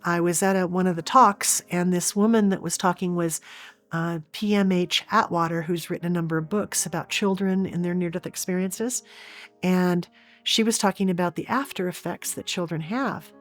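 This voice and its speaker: A woman's voice: on the low side, steady tone, normal speed. Earnest middle-aged woman telling her story. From Oregon, USA. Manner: earnest, with frequent restarts. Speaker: interview guest. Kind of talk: storytelling in an interview.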